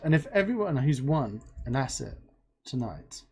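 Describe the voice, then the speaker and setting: Woman, livestream host, lively pitch swings, unhurried delivery. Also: breathy edge. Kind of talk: casual livestream chat.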